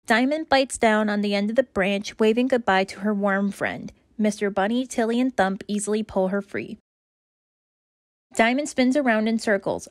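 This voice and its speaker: A woman reading aloud children's stories in a bright, expressive, rhythmic way. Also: medium pitch, normal speed, no echo, clean studio sound. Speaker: children's story reader. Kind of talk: read-aloud storytelling.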